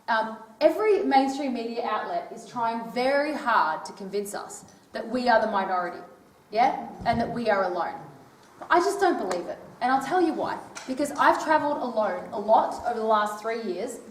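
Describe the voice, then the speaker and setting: Speaking in a fairly high pitch with a little hiss or hum in the audio, an Australian woman delivers a chatty, casual talk to a live audience. As a touring speaker in an old library hall indoors, she keeps checking in with "right?", her voice distant and echoing.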